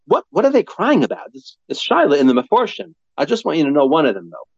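A man with a high, lively voice gives a Torah lecture, bouncing through questions and answers. The recording is dry and a bit dull, with little room sound. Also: fairly quick, hardly any pauses, dry recording. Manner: animated, acts out quoted voices, asks and answers himself. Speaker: Torah teacher.

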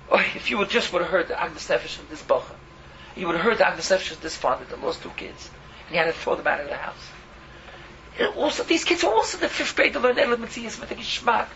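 A man's voice: extremely high pitch, sharp tone, lo-fi sound, slight background noise. A man preaching an impassioned sermon, pleading and fiery, weaving Yiddish and Hebrew words into his English.

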